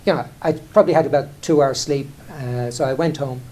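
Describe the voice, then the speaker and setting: Brisk and steady, with a dark mid-range voice, a middle-aged Irish man who heads an airline tells candid stage stories that make fun of himself. He chats conversationally, restarting often and leaning on "you know".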